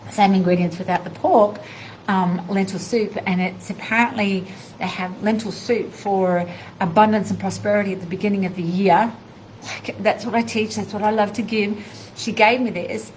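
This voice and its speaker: A woman, a spiritual teacher, telling a personal story in a live video, animated and heartfelt, acting out bits of dialogue. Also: mid-range voice, slight background noise, low-quality recording.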